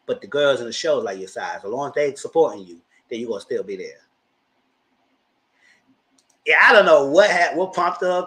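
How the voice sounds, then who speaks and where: A man's voice: medium pitch, low-quality recording. Chatty man in his thirties. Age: 30s. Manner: chatty, slangy, expressive. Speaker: commentary channel host. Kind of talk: casual live commentary.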